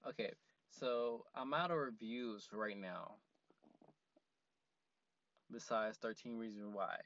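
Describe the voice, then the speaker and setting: A man's voice: fairly low pitch, takes it slowly, a bit bright, muffled recording. A man hosting a casual solo podcast from a parked car, rambling with lots of fillers and frequent laughs. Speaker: podcast host.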